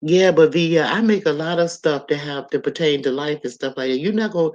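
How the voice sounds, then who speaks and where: A woman's voice: low-pitched, brisk, darkish tone, highs cut off. Chatty woman in her sixties streaming live. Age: 60s. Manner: chatty and loose, addressing viewers directly. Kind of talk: casual live stream chat, reading viewer comments.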